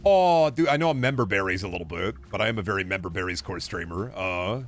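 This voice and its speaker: A man streaming a video game, chatting casually with a rambling, profane, often animated delivery. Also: low voice, fast talker, faint music behind. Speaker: gaming streamer. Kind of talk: casual live-stream chat.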